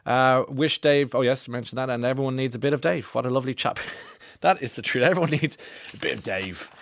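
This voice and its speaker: A man's voice: mid-range voice, fairly quick, gravelly, slight background noise. A man with an Irish accent hosting a radio show, reading out listener texts in a chatty way with enthusiastic interjections, on a studio microphone. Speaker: radio host.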